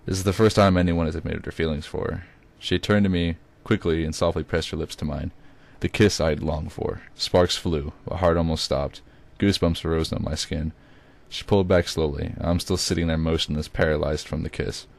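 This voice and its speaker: A man's voice: extremely low pitch, fairly even intonation, a little fast, vocal fry, hardly any pauses. A man reading his own first-person story aloud, with occasional stumbles and self-corrections. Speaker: reader.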